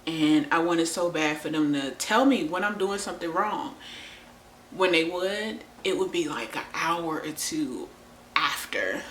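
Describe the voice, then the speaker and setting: Blunt, lower-voiced woman in a roomy space. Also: expressive, unhurried, slight background noise. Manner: blunt and profane, laughs often. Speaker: vlogger. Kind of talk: candid relationship talk to camera. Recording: roomy echo.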